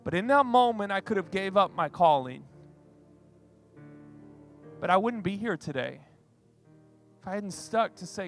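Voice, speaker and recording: A man's voice: high voice, expressive, normal speed, pauses often, fairly bright tone, faint music behind. A pastor in his forties preaching a sermon in a conversational, chatty way. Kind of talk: sermon with personal story.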